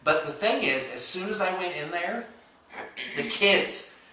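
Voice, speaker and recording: A man co-hosting a casual morning chat, full of dry self-mocking jokes and stop-start pauses. His voice is bright and lively in tone. He sits back from the microphone in a strongly echoing room. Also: high voice, slight background noise. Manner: dry, self-mocking humor with frequent hesitations. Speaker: radio show co-host. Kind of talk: casual banter. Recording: echoey room, distant from the mic.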